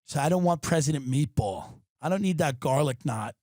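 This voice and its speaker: A man's voice: a little high, lively intonation, a little fast, darkish tone, dry recording, studio quality. A man hosting a podcast, delivering an exasperated, profane comedic rant from his apartment. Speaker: podcast host. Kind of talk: ranting comedic monologue.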